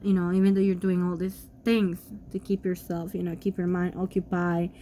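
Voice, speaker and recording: A woman's voice: fairly low pitch, flat delivery, normal speed, warm tone, slight background noise. A woman recovering from illness, talking in a chatty, rambling way with lots of fillers and self-corrections in a casual vlog from her apartment. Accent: New York. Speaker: vlogger.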